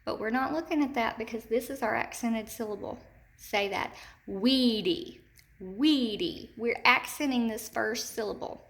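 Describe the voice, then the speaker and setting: Lady teacher going slow over spelling words, kinda high voice, keeps saying okay?. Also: fairly bright tone. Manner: slow, deliberate, repeats words clearly; speaks to young children, checks with "okay?". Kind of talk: recorded remote phonics lesson.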